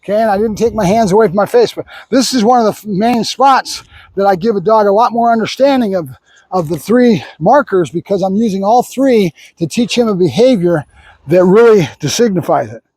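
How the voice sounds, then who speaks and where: Guy training a dog and talking it through, pretty high voice, dry close sound, keeps tossing out quick praise words. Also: expressive, a little mellow, breathy edge, no room sound. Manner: chatty, repeats short marker words while explaining. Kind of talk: instructional training narration.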